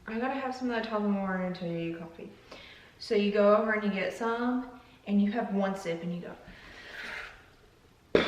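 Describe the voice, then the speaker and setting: A woman's voice: mid-range voice, moderate pace, pauses often, roomy sound, far from the mic, a little hiss or hum, poor audio. A young woman hosting a casual vlog, chatty and joking as she tastes coffees and drifts into tangents. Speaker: YouTuber.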